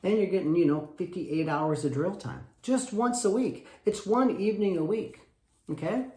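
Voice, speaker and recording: Emphatic wrestling coach, echoey room. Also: male voice, sits high, normal speed, warm tone. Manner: acts out little parent dialogues, emphatic and repetitive. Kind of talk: animated coaching talk.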